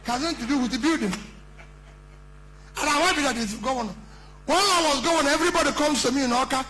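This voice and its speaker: High-voiced, emphatic Nigerian man. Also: a little fast, pauses often, sharp tone, slight background noise, rough recording. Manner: emphatic, rhetorical questions, repetition. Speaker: politician addressing a conference. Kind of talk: impassioned campaign speech.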